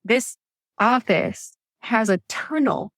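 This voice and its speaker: A woman, telling her birth story as a podcast guest in an animated way, acting out quotes. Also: a little high, slow, no room sound. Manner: animated storytelling, acts out quotes, laughs often. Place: Atlanta area.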